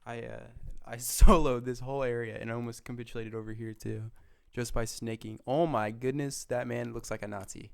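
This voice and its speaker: A man's voice: medium pitch, fairly even intonation, moderate pace, vocal fry, hardly any pauses. A man giving casual, profane commentary while playing a strategy game, mostly laid-back muttering with sudden outbursts. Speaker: gaming streamer.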